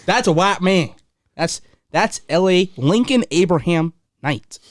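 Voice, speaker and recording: High, lively man joking on a podcast. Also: a little slow, no echo, clean studio sound. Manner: teasing, profane, mock-angry outbursts. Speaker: podcast co-host. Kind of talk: joking casual chat.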